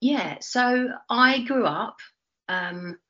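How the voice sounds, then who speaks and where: A woman's voice: on the high side, expressive, very slow, a bit bright. A woman in her forties with a Cockney accent, chatting as an interview guest and telling her story with lots of fillers and restarts. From East London, England. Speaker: interview guest, retired Olympic runner. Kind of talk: casual chat. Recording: dull lo-fi sound.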